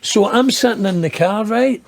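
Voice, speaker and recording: Telling a lengthy story in an interview, a Scottish man in his fifties talks at normal speed in a high-pitched, gravelly voice. The yarn rambles and is laced with profanity, and he laughs at it while making fun of himself.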